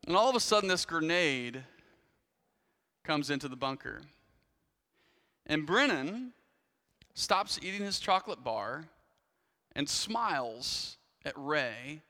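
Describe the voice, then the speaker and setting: A man's voice: fairly high pitch, bright, forceful tone, clean tone, big-room sound. A man preaching a sermon in a church, telling a story in a conversational way with frequent restarts and asides. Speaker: pastor.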